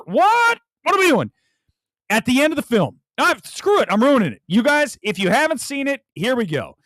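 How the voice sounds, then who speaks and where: A man hosting a movie talk livestream, ranting in an animated way and reading viewer comments aloud. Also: sits high, dry recording. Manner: animated, ranting, reads viewer super chats. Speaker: movie talk show host. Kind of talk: livestream movie review chat.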